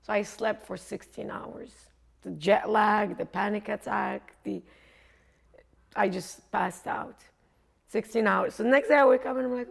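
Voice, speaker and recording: A woman coach tells her story on stage in a loose, conversational way, acting out the lines of the people in it. Her mid-pitched voice carries a steady gravelly fry. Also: moderate pace. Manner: casual, conversational, acts out dialogue. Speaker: coach and speaker. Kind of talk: storytelling motivational talk.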